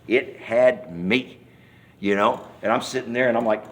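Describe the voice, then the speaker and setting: A man's voice: mid-range voice, unhurried. A man giving a personal testimony in an interview, telling his story in a folksy, rambling way and acting out the scenes as he goes. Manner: animated storyteller, acts out scenes and hollers quoted cries; folksy, rambling speech with many restarts. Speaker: church member giving testimony.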